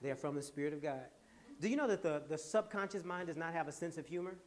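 A man hosting a podcast, giving an animated, laughing, preacher-like motivational talk to a live audience. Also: fairly high pitch, quick pace. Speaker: podcast host and speaker.

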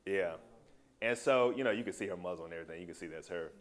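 A man sharing a personal testimony with a small group, telling his story in a loose, animated and heartfelt way. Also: low voice, fast.

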